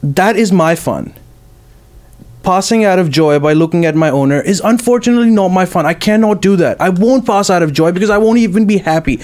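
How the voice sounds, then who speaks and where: A man's voice: high-pitched, expressive, fairly quick, a little mellow. A young man arguing his point insistently in a casual debate. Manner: insistent, emphatic.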